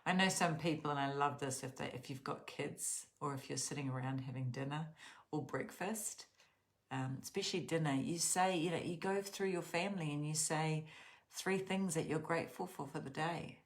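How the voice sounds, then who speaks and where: A woman's voice: low voice, moderate pace. A woman hosting a guided bedtime journaling video, talking in an earnest, spiritual and rambling way with many restarts. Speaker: journaling channel host. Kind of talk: casual guided journaling talk.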